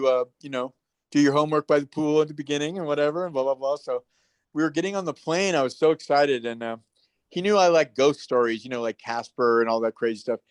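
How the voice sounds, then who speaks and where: A man's voice: mid-range voice, no room sound. A man telling stories in a casual interview, acting out the voices of people he quotes. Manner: animated storyteller, acts out quoted voices. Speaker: guest, actor.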